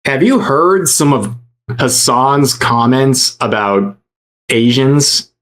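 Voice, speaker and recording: A man's voice: medium pitch, slow pace, fairly bright tone. Young male streamer host, mocking and sarcastic reaction commentary.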